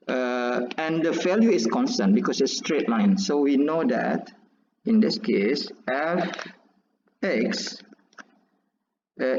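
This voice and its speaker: A man teaching calculus while drawing graphs, halting and restarting often as he explains. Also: mid-range voice, a little mellow, slight background noise. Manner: halting, many restarts and fillers. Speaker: math teacher. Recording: echoey, dull lo-fi recording.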